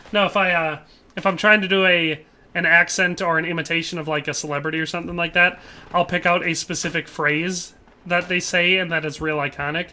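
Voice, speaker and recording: A man's voice: a little high, bright, forceful tone, a little hiss or hum. A young man streaming a shooter game, chatting casually and joking with chat as he plays. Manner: chatty, jokey, tries mock Irish accents. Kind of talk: casual live-stream commentary.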